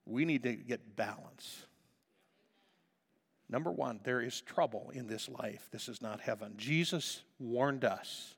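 A pastor preaching a passionate sermon, dropping to a hush and then rising to loud emphasis. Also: male voice, mid-range voice, unhurried. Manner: impassioned, swinging between hushed and loud. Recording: reverberant hall.

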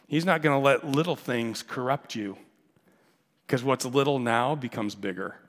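A man preaching a sermon as pastor, telling a story with dramatic shifts from loud calls to hushed near-whispers. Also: medium pitch, normal speed, long reverb tail. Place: church sanctuary.

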